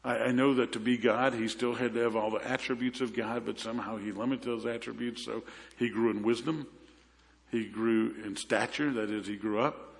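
A gravelly, medium-pitched voice with fairly even intonation carries through a big room at normal speed as this pastor gives his sermon. His storytelling is conversational, marked by repeated restarts.

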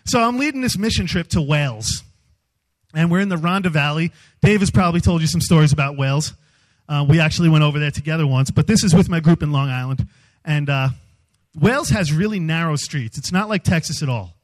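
A man speaking as a youth speaker, giving a humorous storytelling sermon in an animated, self-mocking way. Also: on the high side, a little fast, rough recording.

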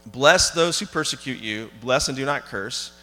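A man's voice: medium pitch, lively intonation, moderate pace, bright, forceful tone. A man preaching a sermon in a church, talking conversationally with fillers and questions to the congregation. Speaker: pastor. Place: church sanctuary. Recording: long hall reverb.

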